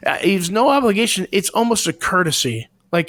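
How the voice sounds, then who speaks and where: A man's voice: sits high, big pitch swings, fairly quick, hardly any pauses, a bit bright, dry recording, clean studio sound. A man co-hosting a podcast, talking things through in an earnest way and searching for his words. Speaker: podcast co-host. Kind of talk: casual podcast discussion.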